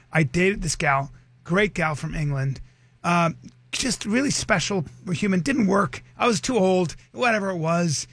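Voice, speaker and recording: Husky, dry-voiced wisecracking man. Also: on the high side, fairly bright tone, no echo. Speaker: radio co-host. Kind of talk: morning radio banter.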